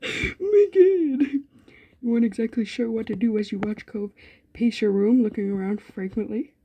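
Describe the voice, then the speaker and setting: A woman's voice: medium pitch, fairly even intonation, brisk, mellow, breathy edge. A woman, a gaming YouTuber, reading a story game aloud with running commentary, giggling often and swearing freely. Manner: giggly, profane, frequent laughter.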